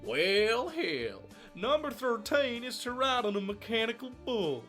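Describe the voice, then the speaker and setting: A man's voice: very high-pitched, very animated, measured pace, fairly bright tone, faint music behind, voice pushed up, full character voice. A man putting on the voice of a brash, folksy woman with a Southern US accent. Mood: sassy.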